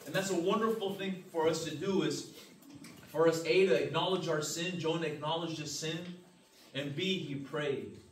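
Earnest male pastor in a roomy hall. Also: on the high side. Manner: earnest, emphatic, frequent "amen" and restarts. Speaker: pastor teaching a church class. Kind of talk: Bible class teaching, preachy. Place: church classroom. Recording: roomy, distant mic, faint hiss.

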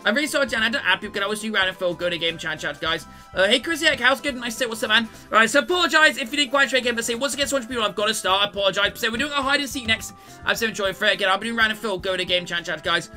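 A man's voice: high voice, racing, bright, forceful tone, faint music behind. A man live-streaming a game, chatting with viewers, greeting them and apologizing often. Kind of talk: live gaming stream chat.

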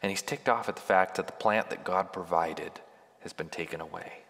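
A man's voice: low voice, moderate pace, vocal fry, in a large hall. A male pastor giving a sermon in a church, talking conversationally and pressing hard on key points. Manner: conversational and emphatic, building to forceful peaks. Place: church sanctuary.

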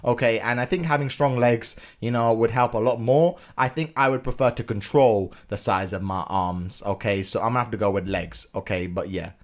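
A man's voice: fairly low pitch, a little fast, hardly any pauses. A man with a British accent giving a casual reaction commentary to a quiz, chatty and prone to sudden outbursts. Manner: chatty, keeps tagging "okay?", bursts into squealing outrage.

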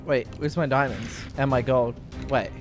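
A young man playing a video game for the first time, commenting excitedly and panicking, shrieking and repeating himself when scared. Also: mid-range voice, moderate pace, music in the background. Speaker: gaming YouTuber. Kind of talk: casual gameplay commentary.

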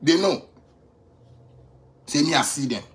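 A man in his thirties rants with swagger in Ghanaian Pidgin English, and his voice sits fairly high. He hammers his points by repeating phrases. He drops to near-mutters, then climbs back to loud boasts. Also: lively intonation, unhurried. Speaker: musician addressing critics. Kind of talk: boastful off-the-cuff rant.

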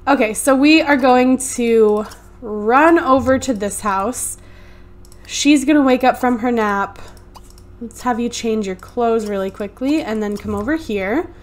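A woman with a slightly high voice speaks unhurriedly into a USB desktop mic while hosting a let's play. Her casual commentary is chatty, narrating every move.

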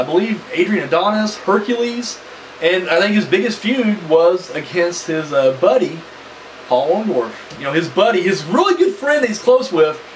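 A man's voice: high voice, far from the mic, slight background noise, poor audio. A man giving a casual, rambling spoken review of a wrestling match, swearing freely and piling up fillers. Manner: animated, profane and rambling, full of fillers.

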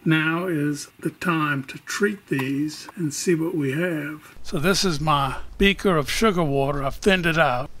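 A man hosting a casual how-to video, talking in a jokey, deliberate way. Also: a little high, a bit bright. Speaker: opal cutter and channel host. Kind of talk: casual instructional vlog.

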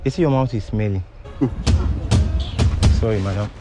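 A man's voice: lowish voice, slow pace, loud music behind the voice. A man with a Nigerian accent hosting a street prank, pleading and apologizing again and again. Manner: pleading, keeps saying sorry and calm down. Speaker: prank video host.

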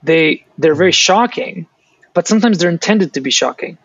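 A man guest on a video-call interview, retelling folk tales in an animated way with frequent restarts. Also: on the high side, normal speed, breathy edge, dry recording, muffled recording. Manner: animated storyteller, restarts often. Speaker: author and guest. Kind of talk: storytelling interview answers.

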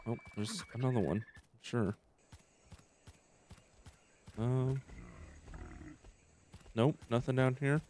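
A man's voice: mid-range voice, extremely slow, pauses often, a little mellow, a little hiss or hum. A young man giving casual let's-play commentary, thinking aloud and hesitating often. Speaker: gameplay commentator.

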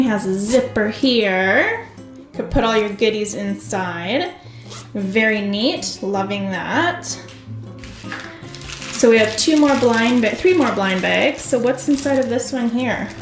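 A woman hosts a toy unboxing, gushing over every find and calling out to her viewers. Her voice sits a little high and her delivery is slow and unhurried. The room is echoey, with faint music playing underneath. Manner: gushing, excitable, talks to viewers as "you guys". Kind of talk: casual unboxing commentary.

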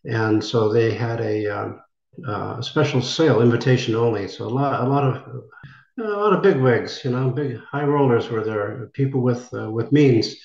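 Roomy, muffled lo-fi audio captures an older American man, an actor in an interview, rambling through a story while acting out quoted voices. His mid-range voice is darkish with vocal fry, and he talks at a moderate pace.

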